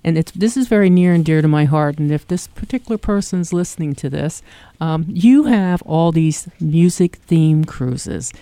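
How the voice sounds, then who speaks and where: A woman's voice: low-pitched, expressive, moderate pace, dark tone, no room sound. A woman with a South Jersey accent hosting a radio travel segment in an enthusiastic, chatty way. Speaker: radio show host, travel agent. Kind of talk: casual radio chat.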